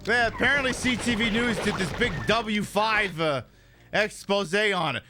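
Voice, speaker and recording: High-voiced man rambling over game music. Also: a little slow. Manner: rambling, joking, swears freely. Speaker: game streamer host. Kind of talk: casual gameplay commentary.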